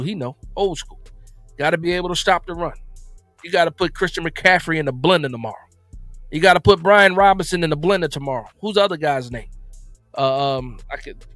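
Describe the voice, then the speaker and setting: A man's voice: a little high, a bit bright, dry recording. A man from New Jersey hosting a live-stream football talk show, chatting loosely, repeating himself and reacting to viewer messages. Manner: loose, repetitive, reads and answers chat.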